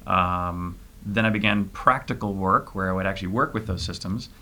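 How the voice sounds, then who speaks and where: A middle-aged private spaceflight trainee answers interview questions in a low, bright, forceful voice. His speech is halting, packed with "uh" and "you know," and he keeps restarting sentences.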